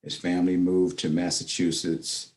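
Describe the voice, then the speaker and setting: A man with a very low, dark and mellow voice co-hosts a casual podcast. He talks in a laid-back, measured way, leaning on drawn-out fillers. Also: little pitch movement. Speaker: podcast co-host. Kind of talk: casual chat.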